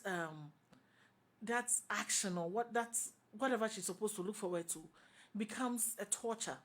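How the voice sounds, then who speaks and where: On a talk show panel, a woman with medium pitch and a Ghanaian English accent joins a heated, opinion-driven debate. She pushes her views forcefully and keeps restating them for emphasis.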